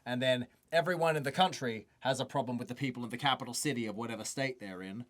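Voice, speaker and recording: A man's voice: medium pitch, fast, background noise. A man from Adelaide with an Australian accent, co-hosting a casual podcast chat in a playful, teasing way. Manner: playful and teasing, with big swings into mock voices. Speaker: podcast co-host.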